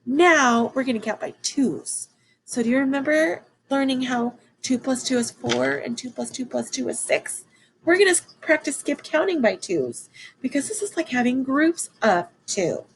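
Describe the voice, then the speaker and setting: A woman teaching a children's math lesson, excited and encouraging as she counts along with her class. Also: high voice, moderate pace, vocal fry, a little hiss or hum, poor audio.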